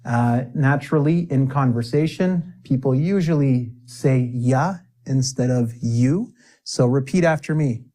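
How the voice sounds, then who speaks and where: Slow, pausing man teaching English. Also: medium pitch, warm tone. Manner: slow, with deliberate pauses for the viewer to repeat; playful, joking asides to the viewer. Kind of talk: spoken-English lesson with repeat-after-me drills.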